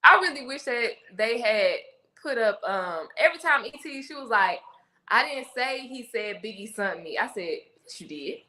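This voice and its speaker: Female co-host, slightly high bright voice, giggly, chatty recap talk. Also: expressive, moderate pace. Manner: chatty, giggly, acts out quotes. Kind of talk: casual live reality show recap.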